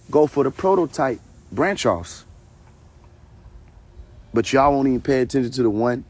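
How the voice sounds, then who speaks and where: A man's voice: medium pitch, darkish tone, husky. A man hosting a live stream, ranting in a confrontational, preachy way, full of profanity and repeated phrases, talking from a phone. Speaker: livestream host. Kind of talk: heated casual rant on a live stream.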